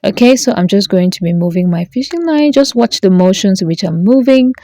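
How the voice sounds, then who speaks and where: A woman's voice: mid-range voice, lively intonation, a little fast, mellow, dry recording. A woman hosting a beading tutorial, chatty and playful, talking straight to her viewers as she works. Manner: playful, talks straight to viewers, jokes and self-corrects.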